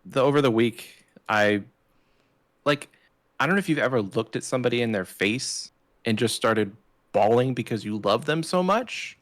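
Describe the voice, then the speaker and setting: A man's voice: medium pitch, normal speed. A man who is a podcast guest, chatting casually with jokes and open emotion. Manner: jokey, emotional, animated. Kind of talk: casual chat.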